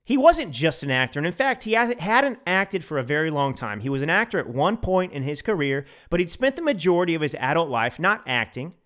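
Emphatic man with a lively voice. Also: a little high, a little fast, few pauses. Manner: emphatic, opinionated, repeats phrases for stress. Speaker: podcast host. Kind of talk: solo political commentary.

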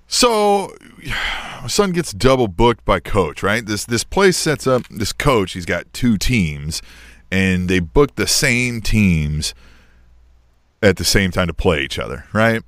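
A man's voice: low voice, takes it slowly, smooth, no echo. A middle-aged man co-hosting a podcast, telling a story in casual chat and tagging "right?" onto his sentences. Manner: animated storytelling, keeps asking "right?". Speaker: podcast co-host.

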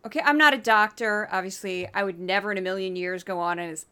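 A woman hosting a political commentary podcast, talking in a sarcastic, animated and opinionated way. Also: medium pitch, fast, smooth. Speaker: podcast host.

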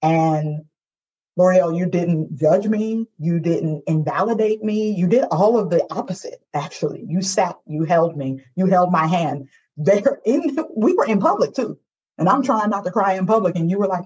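A woman's voice: on the low side, normal speed, darkish tone, slightly rough, dull audio. A woman guest on a podcast, a poet and singer, speaking emotionally and expressively and turning to address listeners. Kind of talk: heartfelt conversation.

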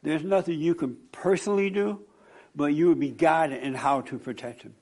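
Male pastor, raised pitch, animated storytelling sermon to a congregation. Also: normal speed. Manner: animated, storytelling, laughing at own stories. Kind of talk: sermon with audience counseling.

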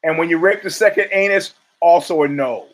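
A man's voice: fairly high pitch, brisk, low-quality recording. A man hosting a podcast, delivering a blunt, profane, riffing monologue of opinionated sports commentary. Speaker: podcast host.

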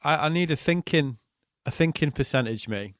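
A man in his thirties, co-hosting a podcast in a relaxed, chatty, self-deprecating way. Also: fairly high pitch, moderate pace, dry recording, clean studio sound. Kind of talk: casual chat.

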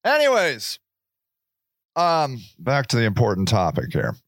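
A man in his forties talks alone into a close, dry mic. His pitch swings widely and his pace is slow and unhurried. He rambles and jokes, swearing freely. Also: wildly swooping pitch, fairly bright tone, dry recording. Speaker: podcast host. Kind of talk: casual solo monologue.

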